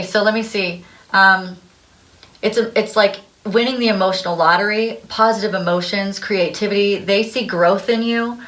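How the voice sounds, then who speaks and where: A woman's voice: mid-range voice, pushed and bright. A young adult woman giving a casual tarot reading, bubbly and breathless, laughing often as she talks. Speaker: tarot card reader.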